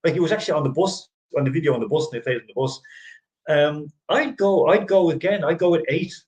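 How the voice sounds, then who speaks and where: A man's voice: fairly high pitch, fast talker, a little mellow, rough recording. A middle-aged man hosting a casual sports chat show, rambling with frequent restarts and easy laughter. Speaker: host.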